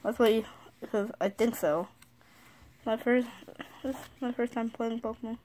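A school-age girl vlogging casually from her bed, excitable, reading card names aloud and often apologizing. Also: on the high side, normal speed. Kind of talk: casual card-opening vlog. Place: sitting on her bed at home.

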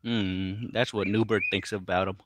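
A man's voice: on the low side, flat delivery, moderate pace, noisy background. Laid-back man chatting on a livestream. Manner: laid-back, mumbly, talks to his pets. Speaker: livestream host reading chat. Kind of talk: casual livestream chat. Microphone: phone.

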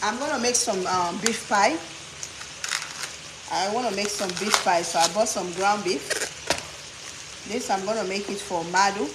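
A woman's voice: medium pitch, a little slow, long pauses, noisy background. A woman from Africa, telling funny stories while cooking in her home kitchen. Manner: animated, humorous storyteller. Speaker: cooking vlogger. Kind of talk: storytelling chat while cooking. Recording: echoey kitchen with faint cooking sounds.

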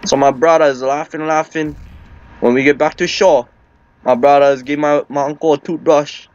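A man's voice: a little high, steady tone, moderate pace, darkish tone, highs cut off. Pidgin-speaking man spinning a rambling tall tale. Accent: Hawaiian Pidgin. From Hawaii. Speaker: storyteller. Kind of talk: comic storytelling.

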